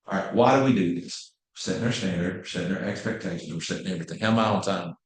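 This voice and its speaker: A man's voice: sits low, fast. A man in his fifties giving a passionate, blunt real estate training talk. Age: 50s. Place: training room. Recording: very echoey room.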